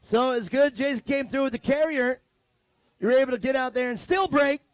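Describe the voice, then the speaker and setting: A race track announcer from California talks in a high, bright-pitched voice, rambling and cracking jokes between calls. The sound is close and dry, with little room around it. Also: male voice, brisk, no room sound. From Modesto, California. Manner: joking, rambling banter. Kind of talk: live race commentary.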